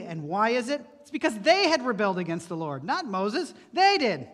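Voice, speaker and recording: A man's voice: high-pitched, very animated, normal speed, hardly any pauses, a bit bright. A male pastor preaching an earnest sermon, posing rhetorical questions to the congregation. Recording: long reverb from a large hall.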